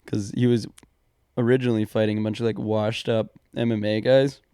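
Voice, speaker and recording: Laughing young man with a smooth voice. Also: lowish voice, level tone, fairly quick, warm tone, dry recording, clean studio sound. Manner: laughs often, rambling, repeats words. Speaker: podcast co-host. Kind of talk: casual chat.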